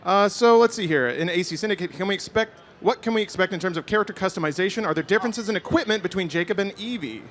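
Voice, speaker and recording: A man co-hosting a live convention stream, bantering and joking quickly. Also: high voice, a bit bright. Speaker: co-host. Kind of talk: casual live event chat.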